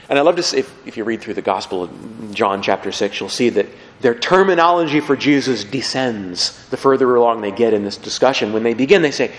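Animated preacher man in a reverberant church. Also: mid-range voice, fast. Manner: animated, conversational, acts out quotes. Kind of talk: lively sermon. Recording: long hall reverb.

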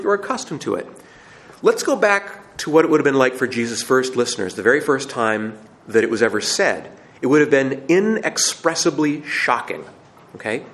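A man's voice: mid-range voice, fairly bright tone. Man teaching his audience with emphatic peaks. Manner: conversational, asks the audience questions, rises to emphatic peaks; frequent restarts and repetitions. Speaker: Catholic teacher or speaker. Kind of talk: teaching talk to a live audience.

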